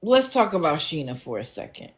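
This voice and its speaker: A woman's voice: low voice, sing-song, brisk. Blunt, lecturing woman on a livestream. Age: adult, not young. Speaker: livestream commentator. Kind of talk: casual livestream commentary.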